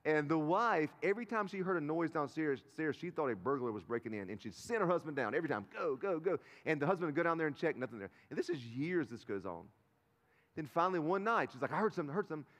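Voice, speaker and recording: A fairly high-voiced man in his thirties preaches to his congregation in a relaxed, storytelling way, often asking them questions as he goes. His voice carries a long reverb, as if recorded live from a church stage mic. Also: quick pace. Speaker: pastor. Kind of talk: sermon. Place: large church sanctuary. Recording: live sermon in a reverberant sanctuary.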